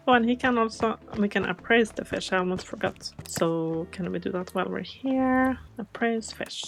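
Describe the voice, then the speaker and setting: A woman hosting a gaming video, chatting casually and softly, often puzzled by the game. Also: mid-range voice, moderate pace, vocal fry, hardly any pauses, dry recording. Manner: soft-spoken, chatty, easily confused. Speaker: gaming channel host.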